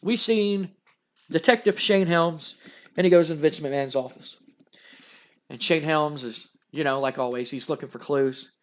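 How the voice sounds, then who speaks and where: A man casually narrating a wrestling management game, excitable and full of fillers. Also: fairly high pitch, unhurried. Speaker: gamer narrating a wrestling sim.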